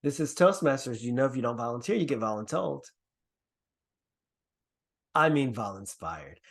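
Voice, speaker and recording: A man's voice: moderate pace, vocal fry. A man who grew up in the Caribbean, leading an online workshop over a video call in an earnest, encouraging way. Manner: earnest, encouraging, lively pitch swings. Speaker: workshop presenter.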